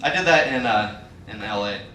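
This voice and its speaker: A man's voice: on the low side, animated, moderate pace. A man performing a stand-up comedy set, acting out the voices of people in his stories. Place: comedy club stage. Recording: echoey club, mic far, loud crowd laughter.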